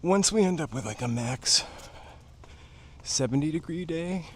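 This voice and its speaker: A man's voice: on the high side, animated, measured pace, a bit bright, slight background noise. A man narrating casually while walking outdoors up hillside stairs, a bit out of breath from the climb. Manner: chatty, slightly out of breath from climbing. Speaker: vlogger.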